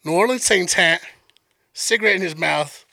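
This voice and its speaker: Gravelly man telling a profane story. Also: high voice, moderate pace, no echo, clean studio sound. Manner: profane, animated. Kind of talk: casual storytelling.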